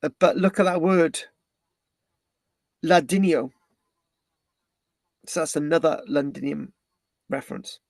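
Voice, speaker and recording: Male history presenter from Britain, slightly high voice, dry close sound, loose rambling lecture delivery with many restarts. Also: unhurried, vocal fry, long pauses, no echo. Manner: rambling, with frequent restarts and tag questions. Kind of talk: live online history talk.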